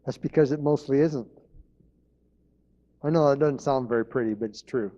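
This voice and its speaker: A man's voice: medium pitch, normal speed, dark tone, muffled recording. A man preaching a sermon as pastor, in an earnest manner, repeating his key phrases.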